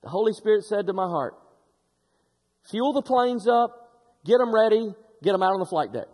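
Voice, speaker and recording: A preacher quoting a devout retiring sergeant. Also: male voice, extremely high pitch, expressive, a little fast, long reverb tail. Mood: earnest. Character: devout man, retiring Air Force sergeant.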